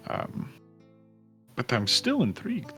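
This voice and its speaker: A man's voice: mid-range voice, wildly swooping pitch, slow pace, fairly bright tone, soft background music. Hesitant man playing a tabletop game. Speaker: player. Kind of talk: casual tabletop game chat.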